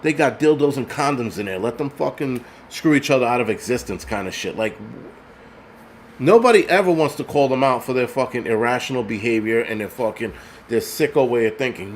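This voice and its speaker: A man's voice: mid-range voice, lively intonation, moderate pace, a little hiss or hum. A man vlogging, delivering an angry, profane, rambling rant to his viewers. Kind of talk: casual rant to camera.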